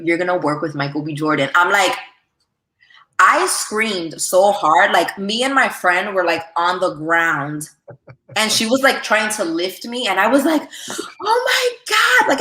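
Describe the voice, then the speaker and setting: A woman telling a personal story in a casual, animated way, full of "like" and "you know". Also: on the low side, reverberant. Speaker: podcast guest.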